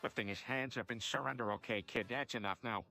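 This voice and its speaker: A man's voice: medium pitch, fairly quick, creaky, pushed and bright, soft background music. A synthetic man's voice playing an easygoing, bumbling middle-aged cartoon dad who stumbles and repeats himself. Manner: stumbling, repetitive phrasing.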